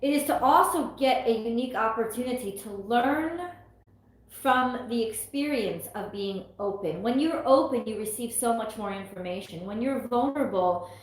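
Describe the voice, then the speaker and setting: A woman's voice: fairly high pitch, lively intonation, moderate pace. A woman from the US East Coast giving a casual live tarot reading, chatty, laughing often and exclaiming as the cards come up. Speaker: tarot reader on a livestream. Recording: very echoey room.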